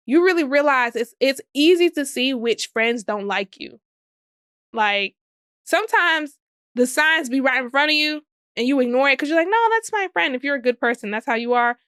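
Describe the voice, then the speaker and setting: Young woman w/ black doing a solo podcast, high voice, sassy n cussing, dry close sound. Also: normal speed, a bit bright, clear, resonant tone, no echo. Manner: sassy, profane, laughing often. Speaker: podcast host. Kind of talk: casual solo podcast monologue.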